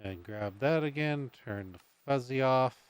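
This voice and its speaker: A man's voice: mid-range voice, measured pace, clear, resonant tone, no echo. A man streaming a building game, talking to himself in a casual, rambling way and humming under his breath. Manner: mutters and hums to himself while building. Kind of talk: casual gameplay commentary.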